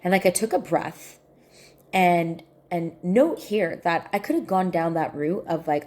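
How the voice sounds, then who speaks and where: Earnest woman with a low, mellow voice. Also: animated, a little slow. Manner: earnest, repeats key points for emphasis. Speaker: spiritual healing coach. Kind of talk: casual personal reflection to camera.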